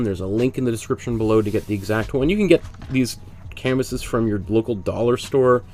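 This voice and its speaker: A man with a cold teaching a painting class. He talks in a chatty way and explains each step as he works. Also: mid-range voice. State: congested with a cold. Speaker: art instructor. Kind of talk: casual painting demonstration.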